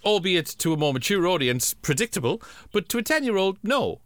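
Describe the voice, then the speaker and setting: A man's voice: high-pitched, very animated, fairly quick, a bit bright, no echo. A man co-hosting a podcast, making wry jokey asides about a comic. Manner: wry, jokey asides with droll put-on quotes. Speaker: podcast co-host. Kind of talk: casual comic chat.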